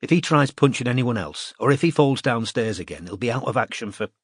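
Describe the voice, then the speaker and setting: A man's voice: medium pitch, animated, brisk, slightly rough, dry recording, clean studio sound. A man doing a firm, cool young woman detective.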